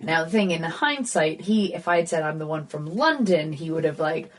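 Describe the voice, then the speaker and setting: A woman's voice: low-pitched, lively intonation, moderate pace, slight background noise. A woman in her thirties with an American accent, a guest comedian chatting casually on a podcast, self-deprecating and full of fillers. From United States.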